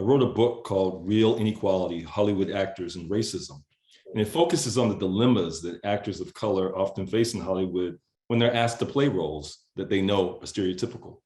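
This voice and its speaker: Deep-voiced man asking measured questions. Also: a little mellow. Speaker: interviewer, university dean. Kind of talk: moderated interview questions. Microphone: video call. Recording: roomy echo on a video call.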